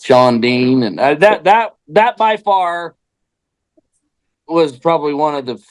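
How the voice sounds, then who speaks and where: A man with a fairly high voice talks as a podcast guest, blunt and heavy on curse words. He often stumbles and repeats words before getting going. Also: animated, takes it slowly. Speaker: podcast guest, race driver. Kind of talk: casual chat.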